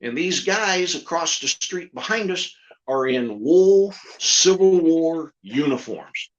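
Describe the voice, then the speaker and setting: Lively man telling a comic story. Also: a little high, takes it slowly. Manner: lively storyteller, repeats lines for comic effect. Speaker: ventriloquist. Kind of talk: storytelling in a chat. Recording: slightly dull lo-fi audio.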